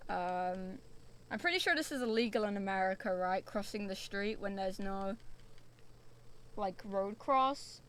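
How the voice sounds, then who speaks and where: A woman's voice: medium pitch, animated, measured pace, fairly bright tone, smooth. A young woman from the UK streaming a spooky VR game, chatty and jumpy, swearing often as she reacts. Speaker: VTuber streamer.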